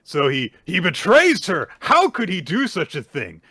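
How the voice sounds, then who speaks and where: A man's voice: sits high, a little slow, slightly rough, no room sound, studio quality. A man co-hosting a podcast, recapping manga chapters in casual chat with sarcastic asides and lots of filler words. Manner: animated, sarcastic retelling with frequent "like" and "uh". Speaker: podcast co-host.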